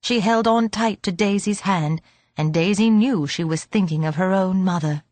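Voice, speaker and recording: A woman narrating an audiobook in a gentle, measured storytelling manner. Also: medium pitch, no room sound. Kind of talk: scripted narration.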